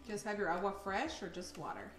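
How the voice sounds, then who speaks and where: A woman's voice: medium pitch, a little fast. A woman chimes in from across the kitchen with easygoing, teasing remarks. Her voice rings in a roomy, echoey space, with faint music behind. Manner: teasing, relaxed side comments. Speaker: co-host. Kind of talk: casual chat.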